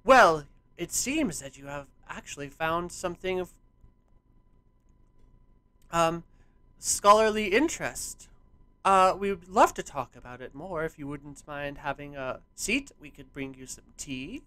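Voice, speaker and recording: A man's voice: a little high, animated, moderate pace, hardly any pauses, fairly bright tone, no echo. A man voicing a polite, genial male scholar who speaks formally. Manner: courteous, formal phrasing.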